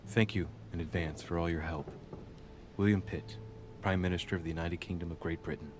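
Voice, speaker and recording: A man's voice: deep voice, steady tone, background noise, natural voice. A man voicing a formal young aristocrat. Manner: measured, formal letter reading. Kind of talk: game voice acting.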